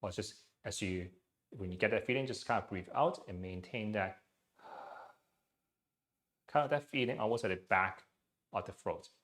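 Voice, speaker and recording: A man leading a guided breathing exercise class into his own mic, speaking gently, with frequent "okay" and "um". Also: fairly low pitch, moderate pace, long pauses. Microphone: personal mic.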